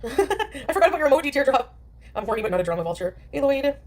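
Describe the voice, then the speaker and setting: A woman's voice: sits high, big pitch swings, very fast. A woman chatting casually on a livestream, dismissive and rambling, full of filler "like"s. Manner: dismissive, rambling, many likes.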